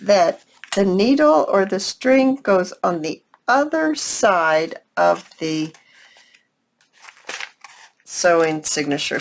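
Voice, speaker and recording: A woman's voice: lowish voice, gravelly, a little hiss or hum. An older woman hosting a casual, chatty crafting tutorial, talking straight to her viewers in a folksy way. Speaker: craft channel host.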